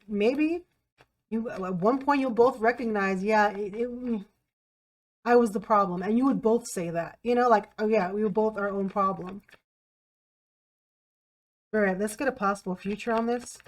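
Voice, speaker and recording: A woman giving a tarot reading to camera in a blunt, emphatic way, repeating herself and swearing freely. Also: a little high. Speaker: tarot reader.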